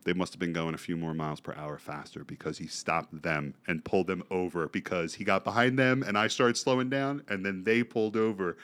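A man's voice: sits low, a little fast, hardly any pauses, smooth. A young man co-hosting a casual podcast chat, telling a story with lots of swearing and acted-out reactions. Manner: animated storyteller, swears freely, acts out his own reactions. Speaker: podcast co-host.

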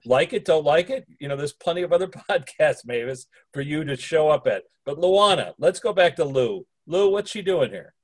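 A man's voice: a little high, expressive, normal speed, hardly any pauses, dry recording. A man co-hosting a podcast in casual chat, playful and joking, often laughing. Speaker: podcast co-host.

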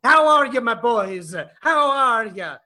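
A man doing a booming fake-Italian pizza man, all bluster and ham. The voice sits very high and bright, swooping wildly as he mangles his English. It is improv comedy played for laughs. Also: expressive, takes it slowly, full character voice. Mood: boisterous. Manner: boisterous, hammy, broken English. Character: over-the-top fake Italian man, pizzeria recipe keeper.

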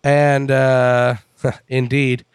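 A man's voice: medium pitch, level tone, very slow, smooth, no room sound, studio quality. A man co-hosting a wrestling podcast in casual chat, rambling and wry, with some swearing.

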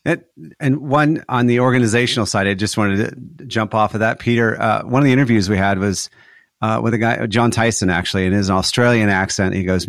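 A man with a lowish voice, recorded close and dry, tells an earnest story as a podcast guest. He speaks with animated conviction. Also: brisk, no echo. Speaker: guest author. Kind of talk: podcast interview, storytelling anecdote.

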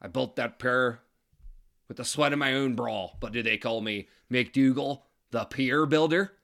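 A man voicing a bitter, grumbling old Irish bar builder who talks in a loud, proud, complaining way while telling a joke. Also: mid-range voice, unhurried. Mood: indignant.

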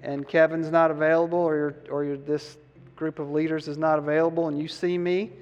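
A man preaching a sermon, asking the listeners questions and having them answer out loud, rising high on key words and then dropping low and soft. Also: little pitch movement, fairly quick, big-room sound. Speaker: pastor.

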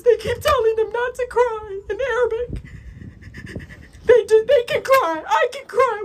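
A woman speaks in a very high pitch, emotional and close to tears as she addresses a crowd. Her delivery swells into raised, impassioned outbursts. A faint hiss of noise sits under the recording. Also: a little slow, rough recording. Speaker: politician giving a speech. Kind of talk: impassioned public speech.

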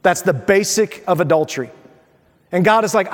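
A man preaching a sermon as pastor, animated and playful, acting out little dialogues. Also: sits high, normal speed. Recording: long hall reverb.

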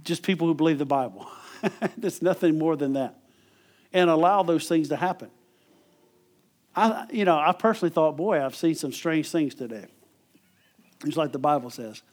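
A man's voice: fairly high pitch, expressive, normal speed, long pauses. A middle-aged man preaching a conversational sermon, often repeating words and chuckling as he talks.

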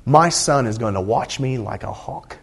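A man's voice: mid-range voice, lively intonation, moderate pace, creaky, slightly rough. A middle-aged man from Indiana preaching a sermon in a conversational, earnest way, often restarting his sentences. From Indiana, USA. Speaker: pastor.

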